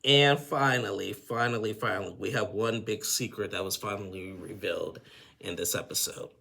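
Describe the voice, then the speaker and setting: Casting: chatty male recap vlogger, low gravelly voice. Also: fairly even intonation, moderate pace, fairly bright tone. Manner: chatty, acts out the couple's lines in quoted voices. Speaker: YouTube recap host. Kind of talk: casual reality TV recap.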